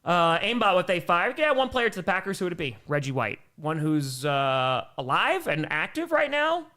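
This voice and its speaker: A young man from the American Midwest hosts a casual live stream, reading chat messages and reacting at a moderate pace. His high, bright voice swings widely in pitch, from low mumbled asides to loud, excited bursts.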